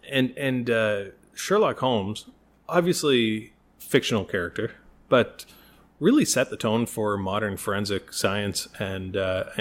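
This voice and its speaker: A man's voice: fairly low pitch, fairly bright tone. A man co-hosting a casual chat podcast, rambling and laughing often. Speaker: podcast co-host.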